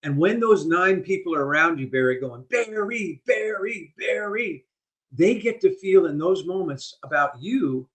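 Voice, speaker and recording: An older man, a guest on a podcast interview, telling stories in an animated, vivid way. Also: a little high, moderate pace, few pauses. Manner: animated storyteller, vivid delivery. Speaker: guest speaker.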